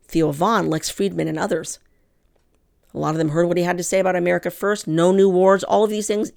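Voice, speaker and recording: Impassioned woman with a gravelly low voice. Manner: impassioned, emphatic, addresses listeners as "people". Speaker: political commentary host. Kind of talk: commentary monologue to camera.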